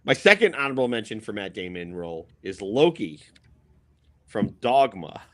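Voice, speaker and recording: A man's voice: on the low side, sing-song, moderate pace. Upbeat man co-hosting a podcast. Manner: upbeat, laughs easily, lists picks. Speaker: podcast co-host. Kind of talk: casual chat.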